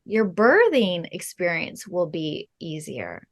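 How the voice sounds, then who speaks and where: A middle-aged woman, a spiritual healing guide, answering interview questions in a slow, measured, earnest way with soft fillers. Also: lowish voice, sing-song.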